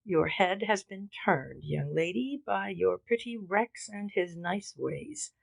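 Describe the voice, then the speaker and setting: A woman's voice: medium pitch, lively intonation, slow pace, creaky, exaggerated voice. A woman reading the part of a coarse, brutal giant of a man who talks truculently. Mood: domineering. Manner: truculent, blustering.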